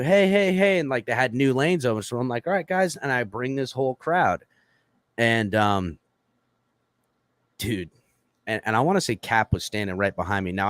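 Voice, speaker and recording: A man's voice: fairly low pitch, fairly bright tone, no echo, studio quality. A man telling a long story in casual podcast chat, profane and full of fillers, acting out quoted lines in a raised voice.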